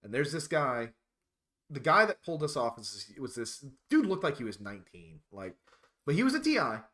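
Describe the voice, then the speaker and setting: A man's voice: medium pitch, sing-song, moderate pace, a bit bright. Guy streamer telling rambly stories, laughs a lot, voice goes up and down a ton. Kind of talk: casual storytelling on a live stream.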